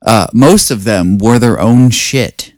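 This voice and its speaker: A man's voice: fairly low pitch, takes it slowly, a little mellow, no room sound, studio quality. A man co-hosting a casual movie review podcast, talking loosely with lots of fillers, restarts and swearing. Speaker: podcast co-host.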